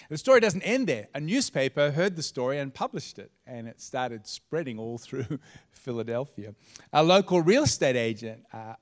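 A man, a pastor telling a story in a sermon, setting each scene with dramatic pauses. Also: mid-range voice.

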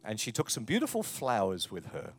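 A man, a pastor preaching a sermon, with loud emphatic lines and quiet asides. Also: on the low side, huge pitch swings, fairly quick, soft background music. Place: church.

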